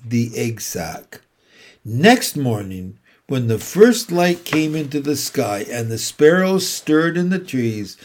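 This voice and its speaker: A man reading a children's novel aloud, with slow, measured storytelling. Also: mid-range voice, a little mellow. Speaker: reader.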